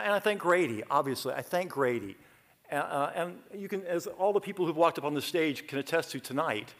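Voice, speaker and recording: A middle-aged man from Georgia, giving a humorous acceptance speech full of lively asides. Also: mid-range voice. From Athens, Georgia, US. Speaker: award honoree giving a speech.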